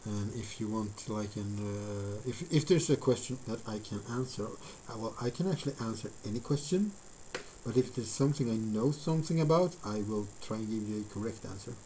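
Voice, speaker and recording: A man's voice: lowish voice, fairly quick, dark tone, a little hiss or hum, rough recording. A man live-streaming while he builds a model, thinking aloud in a rambling, filler-heavy way and chatting with his viewers. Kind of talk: casual live-stream chat while crafting.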